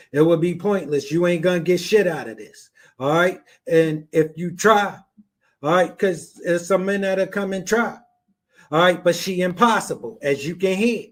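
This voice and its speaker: A man with a notably high-pitched voice delivers profane reaction commentary. He is blunt and mocking, and he hammers his points by repeating them. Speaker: reaction podcast host.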